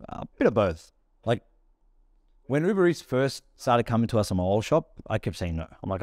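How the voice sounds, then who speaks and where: In clean studio sound with no room echo, a fairly low-voiced Australian man speaks. He is a restaurant founder on a relaxed podcast, spinning quick, lively stories and performing snippets of dialogue.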